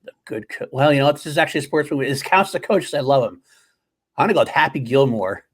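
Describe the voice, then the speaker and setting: A man's voice: medium pitch, animated, fast talker, slightly rough. Laughing, rambling male podcast co-host. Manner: laughs often, rambling with many fillers. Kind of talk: casual chat.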